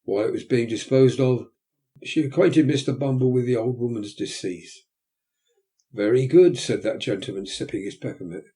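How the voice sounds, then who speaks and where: Reading a classic novel aloud for an audiobook, a man uses his mid-range voice. He delivers the story with expressive, measured pacing.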